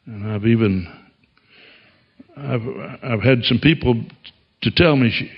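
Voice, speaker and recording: A man's voice: mid-range voice, a little slow, breathy edge, lo-fi sound. A man preaching a sermon as a pastor, telling stories in a folksy way and chuckling often.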